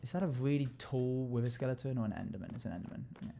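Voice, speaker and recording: A man streaming a game live, chatting casually and jokily with sudden loud playful yells. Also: mid-range voice, expressive, very fast, vocal fry, slight background noise. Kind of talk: casual live-stream chat while gaming.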